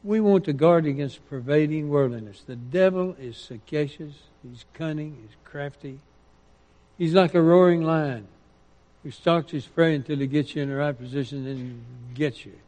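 A man's voice: on the high side, normal speed. Man preaching in a reverberant hall. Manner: preaching with scripture quotes, rising emphasis and dropping to quiet asides. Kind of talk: sermon.

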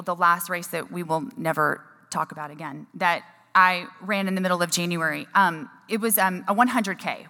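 A woman's voice: on the low side, bright, forceful tone. A woman telling a personal story to a gathering in a chatty, emotional way, with many restarts. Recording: long hall reverb.

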